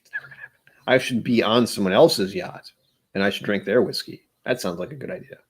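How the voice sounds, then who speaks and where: A man's voice: lowish voice, fast, slightly rough. A man hosting his own vlog, rambling through casual solo musings with self-deprecating humor. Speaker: vlog host.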